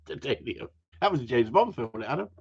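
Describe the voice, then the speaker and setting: A man with a husky, slightly high voice that swings up and down as he jokes. He talks in crude, swearing banter, teasing his friends and laughing a lot. The sound is dull and lo-fi. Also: sing-song, fast talker, darkish tone. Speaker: host of a gundog group chat.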